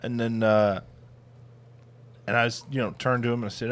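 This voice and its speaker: A man's voice: mid-range voice, little pitch movement, normal speed. A man in his thirties, a podcast co-host, telling funny family stories in a casual, sarcastic way and laughing often. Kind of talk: casual chat.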